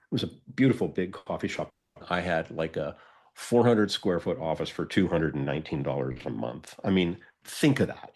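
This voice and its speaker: A man co-hosting a podcast, telling a story in a casual, animated way and acting out the dialogue. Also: low voice, husky. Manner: animated, acts out quoted dialogue. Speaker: podcast co-host.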